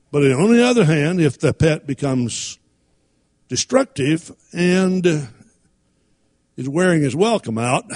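A man's voice: a little high, darkish tone, slightly rough. A man preaching a sermon, reading King James scripture and using folksy everyday stories.

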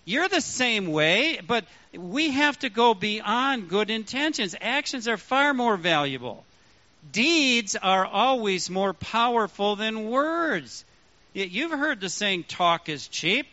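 A pastor delivers his sermon in a high, bright voice. He preaches in an animated way and acts out the voices he quotes. The recording sounds dull and lo-fi. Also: takes it slowly.

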